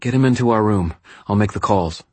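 A man voicing a tall young woman in an audiobook who asks quick, alarmed, urgent questions. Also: on the low side, darkish tone, breathy edge, no room sound, pitched above the performer's own voice. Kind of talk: audiobook character voice.

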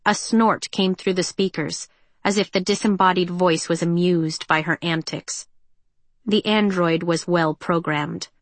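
A woman reading a story aloud as narrator, in a measured, even delivery. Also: lowish voice, dry recording. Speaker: audiobook narrator. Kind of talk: scripted narration.

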